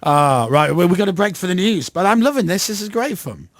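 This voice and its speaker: A man's voice: sits high, sing-song, no room sound. A man hosting a radio show, firing off teasing questions in casual studio banter. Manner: teasing, quick-fire questions. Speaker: radio host. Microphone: studio microphone.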